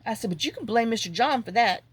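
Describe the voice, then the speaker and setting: A woman's voice: fairly high pitch, lively intonation, fast, husky. A middle-aged woman talks casually as she works on a craft project. She rambles through a long story and acts out both sides of each conversation in her own voice. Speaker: junk journal crafter. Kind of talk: casual chat while crafting.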